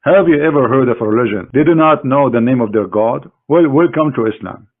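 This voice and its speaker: A man giving a combative screen-share lecture in mocking, halting English as an online debater. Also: medium pitch. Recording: tinny phone-like online audio.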